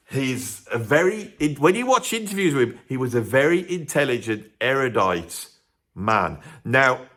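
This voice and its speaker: A man hosting his video, telling music stories in a casual, animated monologue with frequent restarts and acted-out voices. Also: mid-range voice. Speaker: drummer and video host.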